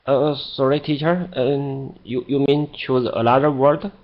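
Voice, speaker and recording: A man's voice: medium pitch, steady tone, a little slow. Guy student answering the teacher, lots of uhs, muffled lo-fi sound. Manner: hesitant, many fillers. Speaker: language student. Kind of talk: answering in class.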